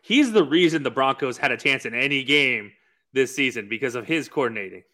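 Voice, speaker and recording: A young man co-hosting a sports podcast, relaxed and jokey, with plenty of "uh" and "you know" between his thoughts. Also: mid-range voice, brisk. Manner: laid-back, filler-heavy, jokey. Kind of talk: casual sports chat with ad reads.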